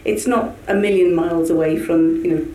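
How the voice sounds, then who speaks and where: A woman, a producer on a panel, giving measured, thoughtful answers. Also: fairly low pitch, fairly even intonation, dark tone. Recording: distant mic in an echoey room.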